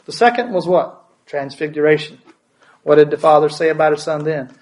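Male pastor, slightly high-pitched, preaches with questions and repetition. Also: steady tone, fairly quick, a little mellow, poor audio. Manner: asks the congregation questions, repeats words for emphasis. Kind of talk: sermon.

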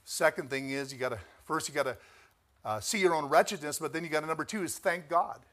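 High-voiced preacher calling out for amens. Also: male voice, quick pace. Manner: emphatic, rising to near shouts on key phrases; asks the congregation for amens. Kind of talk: sermon.

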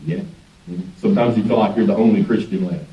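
A guest pastor delivers a sermon in a church sanctuary, telling the story in a folksy way and chuckling often. His voice is on the low side, steady in tone and brisk. The sanctuary is echoey and the mic is distant and dull.

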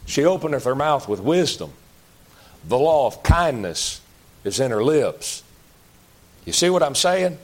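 A man preaching a sermon in a folksy, emphatic way, jumping to loud outbursts and dropping to low, slow asides. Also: sing-song. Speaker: pastor.

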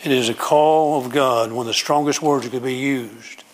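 A man's voice: medium pitch, moderate pace. A man preaching a sermon, emphatic and repetitive as he pleads with his congregation.

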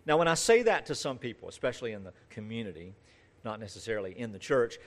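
A man's voice: medium pitch, very animated, fast talker. A man preaching a sermon, reading scripture and then talking earnestly and conversationally, with rising and falling emphasis and lists that build in force. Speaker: pastor.

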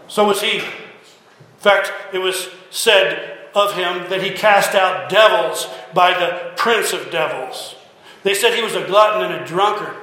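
A man's voice: fairly high pitch, sharp tone. A man preaching a sermon, pressing listeners with repeated rhetorical questions. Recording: heavy echo, long hall reverb.

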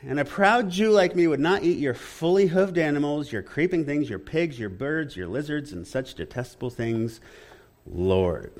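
A preacher voicing a pious, proud apostle who protests loudly as he refuses unclean food, in a sermon. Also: a little high, expressive, moderate pace. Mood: indignant. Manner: protesting, emphatic, raised and insistent.

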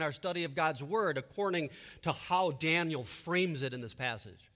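Bright-voiced preacher in reverberant hall. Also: male voice, fairly high pitch, normal speed, few pauses. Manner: emphatic preaching, repeated rhetorical questions. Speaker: pastor. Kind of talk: sermon.

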